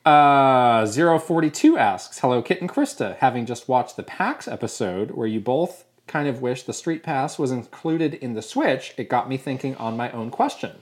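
A woman's voice: a bass voice, lively intonation, moderate pace, hardly any pauses. A woman co-hosting a casual podcast, reading listener questions aloud and bantering playfully. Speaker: podcast co-host. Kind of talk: casual chat.

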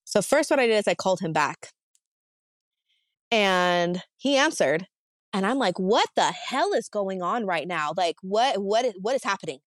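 A woman guest on a podcast tells her story in casual talk. She gets animated and acts out both sides of an argument, with a mid-range voice. The sound is dry and close. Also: mid-range voice, normal speed, no echo.

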